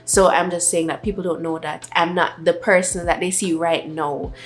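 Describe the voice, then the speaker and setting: A young woman talks to camera in a relaxed, rambling way, full of filler words. Her voice sits a little low and stays soft. Quiet music plays faintly behind her. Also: normal speed. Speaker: vlogger. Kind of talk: casual sit-down chat.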